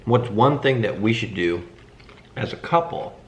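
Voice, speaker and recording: A man's voice: on the low side, expressive, a little slow. A young man co-hosting a casual chat with a laid-back, dry manner. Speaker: co-host. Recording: roomy echo.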